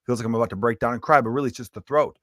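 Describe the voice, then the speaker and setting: Speaking in rapid-fire bursts at a medium pitch, this stand-up comedian hosts his own podcast and delivers a blunt, casual rant full of swearing, broken by a lingering cough. The recording is dry and studio quality.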